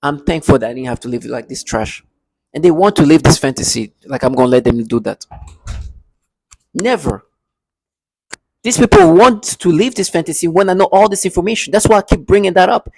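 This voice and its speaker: A man's voice: a little high, lively intonation, a little fast, vocal fry, darkish tone, slightly rough, no room sound. A man delivering an agitated, repetitive rant to camera from his apartment, with bitter laughs. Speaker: vlogger. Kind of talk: angry monologue to camera.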